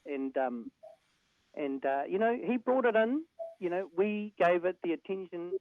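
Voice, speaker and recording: New singer on a tinny phone line. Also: male voice, high voice, lively intonation, no room sound. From New Zealand. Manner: thoughtful, halting, fond. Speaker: band singer. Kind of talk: reflective interview clip. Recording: phone-like, dry clip.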